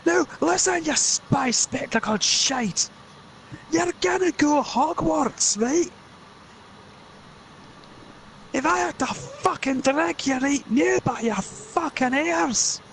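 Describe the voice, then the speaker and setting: A gruff, bullying Scottish giant, as a man puts him on, bellowing crude orders in a voice pushed far above the man's own. His pitch swings widely, and a faint hum runs behind him. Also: expressive, normal speed. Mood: bossy. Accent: mock Scottish.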